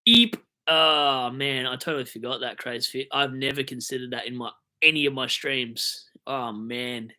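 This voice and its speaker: A man's voice: medium pitch, fairly even intonation, normal speed, hardly any pauses, bright, forceful tone. A young Australian man hosting a fantasy football live stream, rambling and joking as he answers chat comments, with hiccups.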